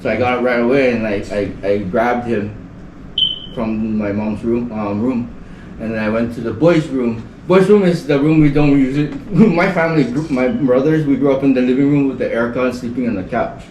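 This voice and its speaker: On a casual podcast, a male guest from the Northern Mariana Islands tells a rambling story, leaning heavily on "like" as a filler. His voice is medium-pitched and darkish at a normal speed, picked up by a distant mic in a roomy space with slight background noise.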